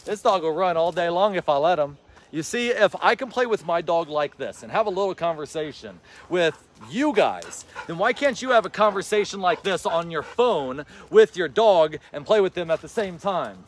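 Casual man giving dog tips outdoors. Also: normal speed. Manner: encouraging, calls out to his dog in a high excited voice; talks to the viewers in a casual, rambling way. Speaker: dog trainer and vlogger. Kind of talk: casual outdoor vlog while playing fetch. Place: outdoors, in a yard.

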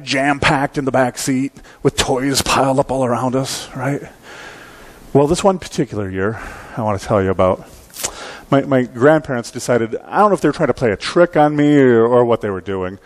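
Lively storytelling preacher man. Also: mid-range voice. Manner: conversational storytelling, keeps asking the congregation "right?"; self-deprecating, humorous. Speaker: pastor. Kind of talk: sermon. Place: church sanctuary.

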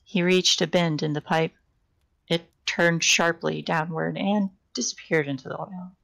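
A woman with a lowish, gravelly voice reads a novel aloud on a live stream. She reads unpolished, often tripping over a phrase and correcting herself before carrying on. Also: fairly even intonation, a little slow, a bit bright, poor audio. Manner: unpolished live reading with frequent restarts and self-corrections. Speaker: reader.

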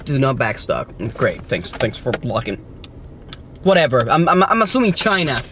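A man filming a casual toy-hunting vlog, talking in an animated way and dropping in Spanish words. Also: medium pitch, moderate pace, noisy background. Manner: animated, swears and laughs, mixes in Spanish words.

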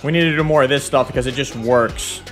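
A young man hosting excited commentary over a football video game, shouting at big plays, his voice cracking now and then. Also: mid-range voice, fast, soft background music. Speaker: gaming YouTuber. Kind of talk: excited let's-play commentary.

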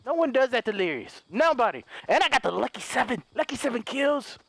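A man commentating his own video game play, jokey and excitable, dropping to hushed mutters and then bursting into loud yells. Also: very high voice, a little fast, vocal fry, no echo. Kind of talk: live gameplay commentary.

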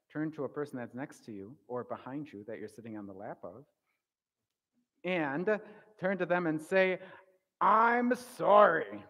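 A man giving a children's sermon as the pastor, telling a lively story and acting out his own shouting. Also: fairly high pitch. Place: church sanctuary. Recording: long reverb of a church hall.

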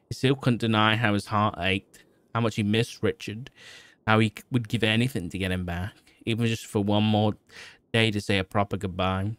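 A man streaming, reading fan fiction aloud in a steady manner with small slips and restarts. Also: on the low side, normal speed, dry recording.

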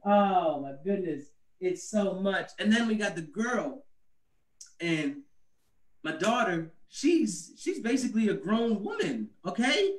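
Brief: male stand-up comic, light high voice, chatty and animated, recorded away from the mic. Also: slow pace, distant mic. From US Northeast. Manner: conversational, animated, laughs at own jokes. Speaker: stand-up comedian. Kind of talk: stand-up comedy set about parenting. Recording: echoey room, away from the mic.

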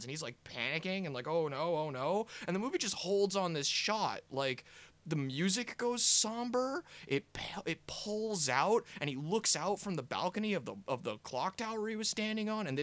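A man's voice: high-pitched, no echo. Exasperated, swearing young man. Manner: animated and exasperated, swears often, many fillers. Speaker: film reviewer. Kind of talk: casual movie-review rant.

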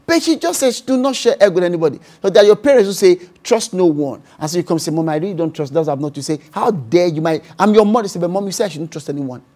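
A man's voice: sits high, lively intonation, fast talker, few pauses, a little mellow. A man with a Nigerian accent, a pastor preaching a sermon and acting out voices and speaking in tongues.

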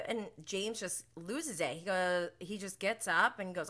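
A woman's voice: medium pitch, fairly even intonation, unhurried, few pauses, bright, forceful tone. A young woman hosting a casual reality TV recap, chatty and opinionated with lots of filler words and laughing asides.

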